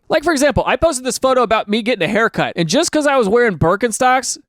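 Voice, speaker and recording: A man's voice: high-pitched, very animated, fairly quick, few pauses, fairly bright tone, no room sound, clean studio sound. A man hosting a casual comedic chat, reacting to reader stories and acting out quotes in exaggerated voices. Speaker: host.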